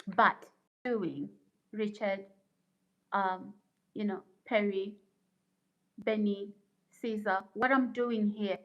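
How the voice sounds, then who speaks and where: A woman's voice: medium pitch, fairly even intonation, slow pace, pauses often, highs cut off. A woman hosting a casual livestream, reading viewer comments aloud and lecturing in an indignant, preachy way. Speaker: livestream host.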